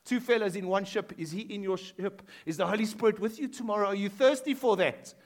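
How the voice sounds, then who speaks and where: A man preaching a sermon in a school hall, shifting between loud emphatic lines and hushed quoted lines. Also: sits high, fairly quick. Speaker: pastor.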